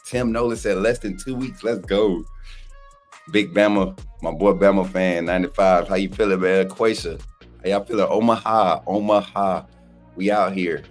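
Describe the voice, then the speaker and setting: A man with a hoarse, worn voice, co-hosting a casual live stream and greeting viewers by name. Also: deep voice, moderate pace, soft background music. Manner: loose, animated, greets chat viewers by name. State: hoarse, voice nearly gone. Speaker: livestream co-host.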